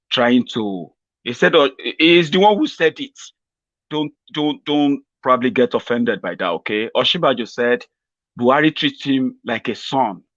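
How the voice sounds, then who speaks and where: A man's voice: mid-range voice, a bit bright, no room sound, highs cut off. A Nigerian man giving a rambling, mocking satirical political commentary to his viewers. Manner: mocking, rambling, chuckles at his own jokes.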